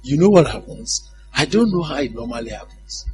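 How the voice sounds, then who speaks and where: A man's voice: medium pitch, sing-song, a little fast, mellow, soft background music. A male preacher giving a conversational sermon, often putting questions to his congregation and laughing at his own stories.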